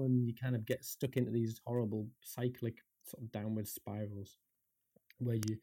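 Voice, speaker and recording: A man's voice: mid-range voice, level tone, moderate pace, mellow. A man co-hosting a podcast over a call, thoughtful and self-questioning, with false starts. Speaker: podcast co-host. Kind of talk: casual podcast chat.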